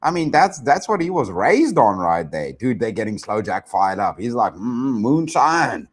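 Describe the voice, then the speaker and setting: A man's voice: lowish voice, very animated, normal speed, slightly rough. A South African man hosting a reaction show, joking and laughing in loose casual commentary. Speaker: host.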